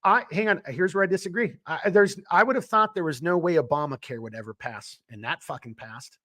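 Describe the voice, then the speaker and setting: A man's voice: fairly high pitch, a little fast, a bit bright. A man from Minnesota co-hosting a podcast, talking bluntly and swearing as he rants in casual political chat. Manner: blunt, swears, worked-up ranting. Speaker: podcast co-host; small business owner.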